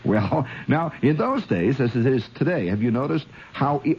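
A man from Indiana spins a long, rambling yarn, chuckling as he goes and turning to the listener with little asides. His pitch swoops lively up and down, and a faint room hum sits under his voice. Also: moderate pace, hardly any pauses, rough recording. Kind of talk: spoken storytelling monologue.

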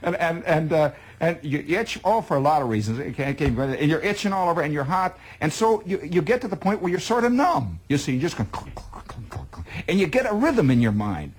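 A man's voice: on the high side, very animated, fairly quick, hardly any pauses, a little hiss or hum. A man telling a spoken monologue in a wry, exaggerating manner. He stacks up details and often repeats words as he goes. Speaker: storyteller.

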